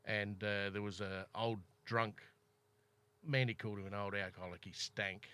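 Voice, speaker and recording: Aussie bloke telling a rambling travel yarn, swears a lot, brightish voice on the low side. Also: male voice, steady tone, normal speed, clean tone. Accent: Australian. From Australia. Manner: rambling, swears freely, acts out quotes loudly. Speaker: podcast guest. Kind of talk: casual storytelling chat.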